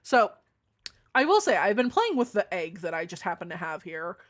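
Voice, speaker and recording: A young adult woman streamer chatting casually with her viewers, swearing freely, with a deeper voice than most women. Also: sing-song, normal speed. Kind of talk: casual live-stream chat.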